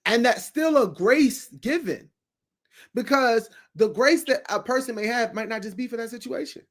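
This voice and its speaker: A man's voice: very high voice, normal speed. A man, a guest on a talk show, speaking in an emphatic, preachy way about faith and everyday life. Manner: preachy and emphatic, acts out quoted voices.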